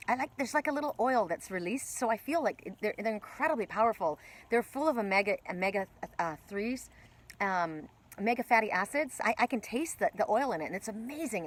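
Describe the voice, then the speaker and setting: Woman, live-stream card reader; loose, chatty, spiritual tone, talking outdoors by water. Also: a little high. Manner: rambling, chatty, with many fillers and restarts; gentle spiritual encouragement. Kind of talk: casual live-stream chat with viewers. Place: outdoors at a lakeside cove.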